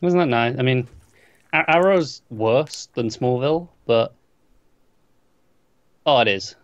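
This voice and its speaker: A man's voice: medium pitch, expressive, takes it slowly. Blunt joking man on a dull mic. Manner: blunt, joking, stammers on starts. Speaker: podcast co-host. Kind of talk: casual TV review chat.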